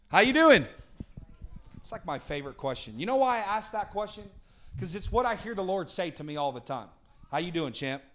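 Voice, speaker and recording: A man preaching a sermon, moving from booming to hushed and asking the congregation to answer back. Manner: dynamic, swings from booming to hushed; talks with the congregation, asks for responses.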